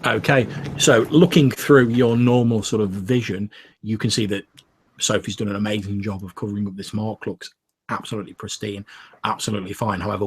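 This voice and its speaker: A man narrating a tabletop horror game as game master, in a measured, descriptive way. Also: fairly low pitch, slight background noise.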